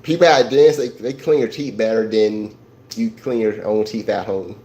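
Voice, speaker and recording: A livestream host talks loosely about insurance to his viewers, going over things repeatedly and restarting sentences as he rambles. His voice is mellow and fairly low with fairly even intonation, delivered at a moderate pace over lo-fi sound.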